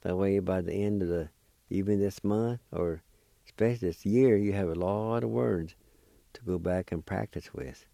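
A man teaching a language lesson, spelling and pronouncing words slowly and patiently, letter by letter. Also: deep voice, vocal fry, dark tone, dry recording. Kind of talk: slow spelling and pronunciation lesson.

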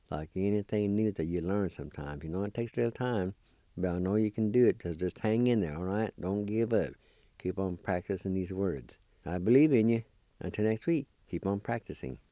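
With a fairly low, mellow voice and no echo around him, a language teacher walks through word pronunciation one syllable at a time. His manner stays patient and encouraging throughout the lesson.

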